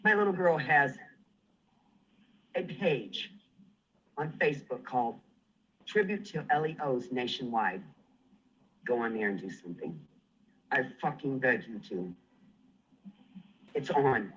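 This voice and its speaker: A man's voice: mid-range voice, animated, measured pace, pauses often, fairly bright tone, breathy edge. A man on a livestream, ranting furiously and threatening someone, swearing and refusing to back down. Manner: furious, threatening, profane, defiant. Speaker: livestream guest. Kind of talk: angry livestream rant. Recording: muffled livestream audio.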